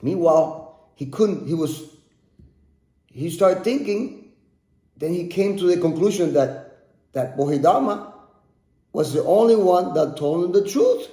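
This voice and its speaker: Guy narrating a story on his podcast, a bit high, dark mellow tone, lots of room echo. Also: lively intonation, unhurried, pauses often. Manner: repeats and restarts words while telling. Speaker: podcast host. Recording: echoey room.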